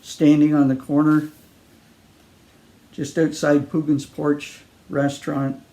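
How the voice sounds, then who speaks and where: A man with a gravelly, mellow voice reading from his own book at a library event. He talks through it in a loose, halting way, stopping to explain as he goes. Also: on the high side, monotone. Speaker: author. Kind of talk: reading his novel aloud.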